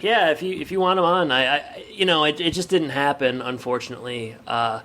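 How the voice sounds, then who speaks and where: A man's voice: on the high side, a little fast, bright, forceful tone. A man co-hosting a podcast in casual chat, rambling with lots of filler words. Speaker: podcast co-host.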